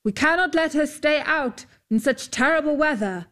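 A woman's voice: medium pitch, unhurried, close to an everyday voice. A woman voicing an earnest young male knight in a storybook reading, with formal old-fashioned speech. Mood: alarmed.

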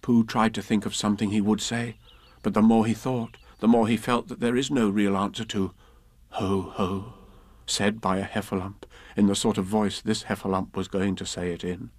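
A man calmly narrating a children's storybook in a measured way. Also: on the low side. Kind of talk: storybook reading. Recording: long hall reverb.

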